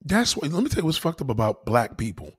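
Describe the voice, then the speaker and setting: A man's voice: on the high side, sing-song, fast talker, breathy edge. A man with a New York accent delivering a heated, profane, preachy rant.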